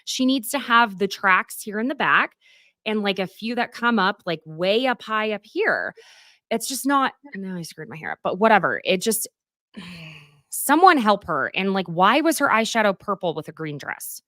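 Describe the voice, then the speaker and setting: A woman hosting a casual chat, recapping a reality show in a chatty, gossipy way with quick asides. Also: mid-range voice, big pitch swings, pushed and bright, no echo, studio quality. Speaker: podcast host.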